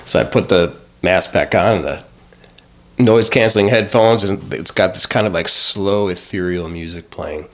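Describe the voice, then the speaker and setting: Casting: a lowish-voiced man, animated storyteller with lots of ums and restarts. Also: normal speed. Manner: animated, acts out dialogue, frequent fillers. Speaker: guest sharing recovery experience. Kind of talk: conversational storytelling.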